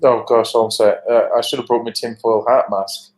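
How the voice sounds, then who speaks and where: A man's voice: mid-range voice, level tone, a little fast, poor audio. A man from England chatting easily as a guest on a livestream, joking about himself. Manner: easygoing, self-deprecating. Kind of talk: casual chat.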